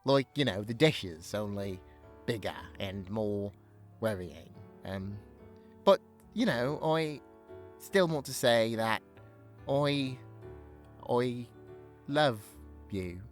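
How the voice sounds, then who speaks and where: A man's voice: on the low side, expressive, slow pace, pauses often, soft background music. A man voicing a nervous, scatterbrained male skunk who runs a bookshop, stammering and rambling apologetically in an audio role-play to his partner. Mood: tender, nervous. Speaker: boyfriend.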